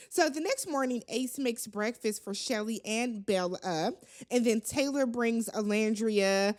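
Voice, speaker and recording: A chatty, opinionated woman recapping a reality show for her channel in a sassy, conversational tone. Her voice sits slightly higher than average. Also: animated, unhurried, darkish tone. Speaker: recap vlogger. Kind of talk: casual reality-TV recap commentary.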